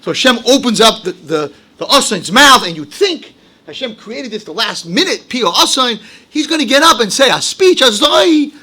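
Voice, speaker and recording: A high, bright-voiced man preaching a sermon. He talks animated and dramatic, sinking into quiet asides and then climbing into shouted, acted-out lines. His tone is forceful and keen. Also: normal speed. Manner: animated, swings from low asides to shouted high-pitched outbursts, acts out quotes. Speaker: rabbi giving a Torah lecture.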